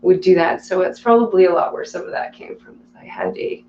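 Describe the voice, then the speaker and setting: A woman hosting a casual live stream, reading viewer chat aloud, chatty and quick to laugh. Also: fairly low pitch, lively intonation, darkish tone, reverberant, muffled recording, a little hiss or hum.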